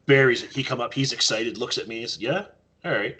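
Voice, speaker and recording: With a slightly rough, medium-pitched voice and a quick pace, a Canadian man guesting on a podcast tells casual stories. He's an animated storyteller who acts out his quotes.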